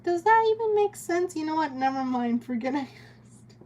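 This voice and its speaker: A woman's voice: high-pitched, animated, moderate pace, a little mellow, slight background noise. A young woman streaming as she draws, chatting casually with a giggly, rambling manner. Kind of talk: casual chat while drawing on stream.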